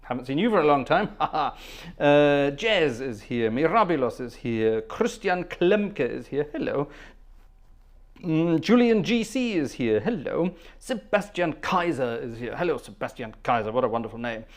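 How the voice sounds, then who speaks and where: A man's voice: on the high side, lively intonation, a little slow. A man hosting a livestream organ concert, greeting viewers one by one in casual chat and humming between names. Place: at the organ console.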